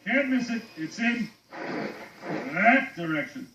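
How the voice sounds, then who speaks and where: A brisk helpful fish. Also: male voice, high-pitched, sing-song, heavy background noise, heavily acted. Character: helpful male fish giving directions. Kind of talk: animated film dialogue. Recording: roomy, dull far-off film clip.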